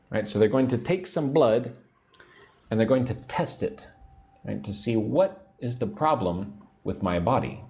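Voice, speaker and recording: A man hosting an English lesson livestream, explaining words slowly, drilling pronunciation and reading viewer comments aloud. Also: on the low side, a little mellow. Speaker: English teacher. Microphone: own microphone at a computer.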